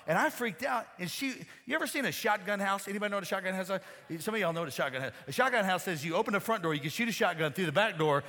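A man's voice: high voice, expressive, very fast, sharp tone. A man preaching a sermon, telling a folksy story and talking straight to his congregation. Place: church sanctuary. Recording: long hall reverb.

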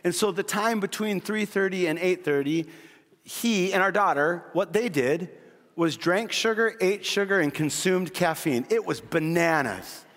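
A middle-aged male pastor with a high, light voice preaches in a big church hall, and his words ring out with a long reverb. He tells stories quickly and vividly, then sinks into soft, earnest appeals. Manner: storytelling, shifting from quick excited retelling to quiet earnest pleading. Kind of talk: sermon.

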